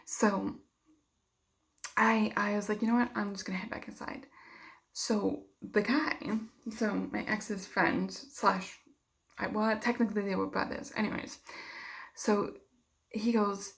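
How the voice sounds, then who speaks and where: A woman's voice: mid-range voice, level tone, a little slow, creaky, long pauses. A young woman vlogging, telling a personal story in a heated, casual way with lots of swearing and filler words.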